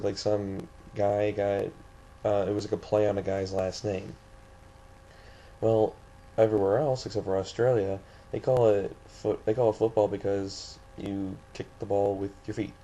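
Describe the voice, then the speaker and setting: A man's voice: on the low side, flat delivery, moderate pace, warm tone, a little hiss or hum. A young man from the St. Louis area, ranting indignantly in a vlog, rambling with many restarts. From St. Louis area, USA. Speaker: vlogger.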